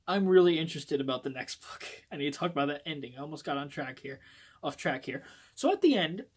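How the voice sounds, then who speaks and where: A man giving a casual video book review on his phone, rambling and swearing often as he gets excited. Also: a little high.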